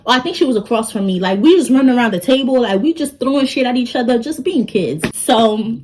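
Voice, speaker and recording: Young woman, storytime vlogger, lively delivery, slightly high voice. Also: quick pace, slight background noise, rough recording. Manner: animated, talks straight to the audience. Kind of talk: storytime vlog.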